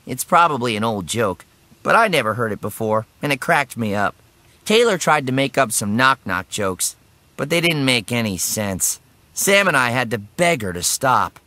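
A man narrating a children's story in the first person, expressive and animated. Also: medium pitch, moderate pace, no echo. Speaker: audiobook narrator.

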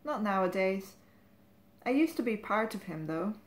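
A woman voicing an excitable, self-important male author, speaking in a grand, exclaiming way with the pitch pushed up. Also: normal speed, echoey room, close to an everyday voice. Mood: exalted.

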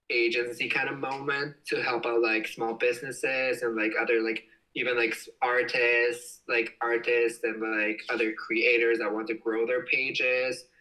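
A young man hosting a casual livestream, reading viewer comments aloud with excitable, giggly exclamations. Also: medium pitch, distant mic, low-quality recording. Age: young adult. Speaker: livestream host. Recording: voice slightly off-mic.

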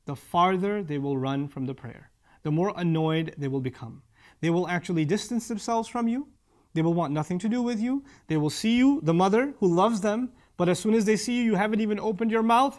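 A middle-aged man delivers a religious lecture in a loose, conversational way. His voice sits high for a man, and he often acts out what parents and children would say. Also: fairly quick. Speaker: Islamic speaker.

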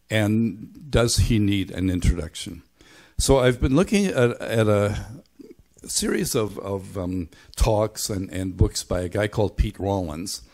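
In a church, a middle-aged or older pastor from Belfast, Northern Ireland, delivers a sermon thoughtfully, often halting and restarting. His voice is lowish with a darkish tone.

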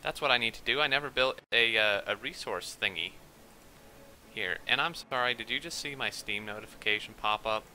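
Excitable young man with a bright voice. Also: mid-range voice, slight background noise, low-quality recording. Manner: rambling, excitable, quick to get worked up. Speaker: let's play gamer. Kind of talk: gameplay commentary.

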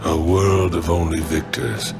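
A man voicing a menacing, grim ninja warlord in a slow, solemn monologue with a deep, demonic voice. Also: flat delivery. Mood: ominous. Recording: loud dramatic music behind.

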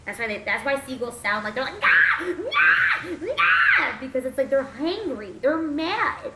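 A woman's voice: sits high, animated, moderate pace, reverberant, raised voice, very noisy. A woman streaming as a VTuber, chatting goofily through a game with jokes and the odd swear. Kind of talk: gameplay commentary.

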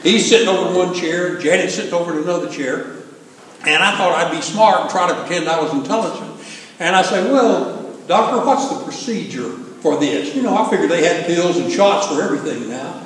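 High-voiced older preacher. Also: male voice, fast, a bit bright. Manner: folksy, humorous storytelling. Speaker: pastor. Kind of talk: sermon. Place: church sanctuary. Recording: echoey hall from far off, faint hiss.

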